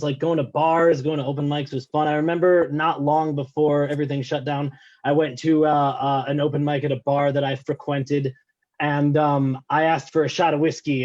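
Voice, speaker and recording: Stand-up man, slightly high voice, self-deprecating, rambling, lo-fi call audio. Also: a little mellow. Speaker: stand-up comedian. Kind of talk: stand-up set over a video call. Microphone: video call.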